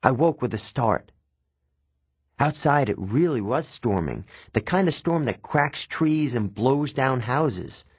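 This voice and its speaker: A man narrating a first-person audiobook with measured, expressive storytelling. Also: mid-range voice, husky, no echo.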